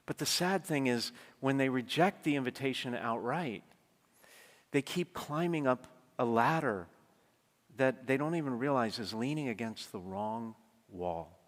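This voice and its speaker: A man's voice: mid-range voice, measured pace. A man giving a conversational sermon, telling stories and often checking in with his listeners with asides. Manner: conversational storytelling, frequent asides to the congregation. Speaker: preacher. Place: large church. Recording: long church reverb.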